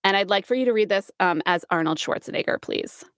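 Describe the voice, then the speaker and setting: A woman's voice: medium pitch, fast, fairly bright tone, no room sound, studio quality. A woman co-hosting a casual comedy chat, giggly and self-deprecating. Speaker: podcast co-host.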